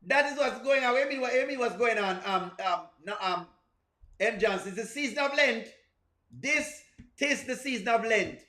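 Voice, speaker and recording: A man's voice: extremely high pitch, a little fast, sharp tone. A man giving comic reaction commentary, playful and laughing, repeating lines as running jokes. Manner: playful, laughing, repetitive riffs. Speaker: reaction video host. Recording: roomy echo.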